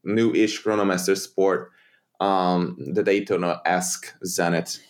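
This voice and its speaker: A man's voice: low voice, fairly even intonation, slow. A man chatting casually on a podcast panel, hesitant with ums and laughs. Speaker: panel guest. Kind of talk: casual chat.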